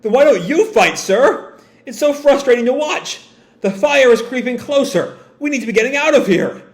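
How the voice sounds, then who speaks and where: A man's voice: extremely high pitch, animated, normal speed, pitched above the performer's own voice. A man voicing anxious young pirate crewmen who urgently complain to their captain.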